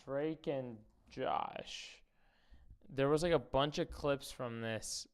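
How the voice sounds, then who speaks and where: A man's voice: medium pitch, slow, smooth. A man streaming reactions to clips, thinking aloud in an offhand, casual way.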